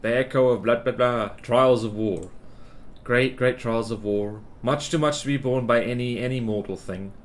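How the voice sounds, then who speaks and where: A cryptic, mournful old hag, voiced by a man reading her lines, in a slow, drawling delivery. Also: medium pitch, close to an everyday voice.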